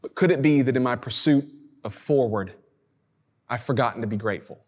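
A man's voice: medium pitch, a little fast. A male preacher giving a sermon in a casual, conversational way, with slang asides. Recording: reverberant hall.

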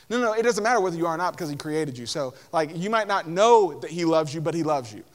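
A man's voice: fairly high pitch, sing-song, quick pace, few pauses. A young man preaching a casual sermon, filling his talk with "like" and acting out the people in the story. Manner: conversational, lots of "like", acts out voices of Bible figures. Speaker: pastor.

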